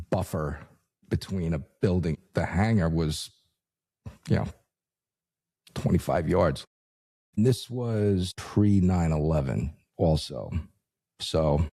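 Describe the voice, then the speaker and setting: Gravelly deep-voiced former cop. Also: male voice, mellow. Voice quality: gravelly low voice. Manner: wry, anecdotal delivery. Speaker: former law enforcement officer. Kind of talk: storytelling interview.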